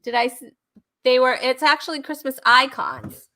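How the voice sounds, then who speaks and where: A woman's voice: high-pitched, moderate pace, pushed and bright. A woman hosting a live online comedy talk show, chatting casually and laughing often. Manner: giggly and bubbly, laughs often. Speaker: host.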